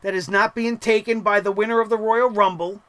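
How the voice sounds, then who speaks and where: A young man hosting a wrestling show, giving a casual, animated recap full of profane, laughing asides. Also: sits high, a little fast.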